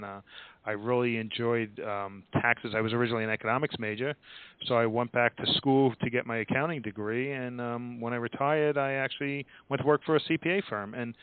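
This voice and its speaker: A middle-aged man, guest in a casual interview, relaxed and full of you-knows. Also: medium pitch, no room sound. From Long Island, New York. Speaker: guest accountant. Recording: dry, tinny phone line.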